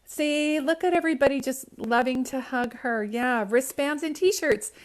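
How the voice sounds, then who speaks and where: A woman's voice: sits high, normal speed, few pauses. A woman giving a live-streamed psychic reading, talking in a chatty way, often close to tears and keeping on checking in with her listeners. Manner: emotional, near tears at times. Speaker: psychic medium. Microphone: phone livestream.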